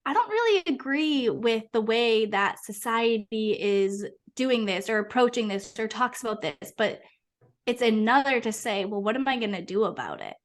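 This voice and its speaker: A young woman from Massachusetts, a podcast guest, telling her story in an earnest, animated, casual way. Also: on the high side, moderate pace. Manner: earnest, animated, uses many fillers. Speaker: podcast guest, hypnotherapist and coach.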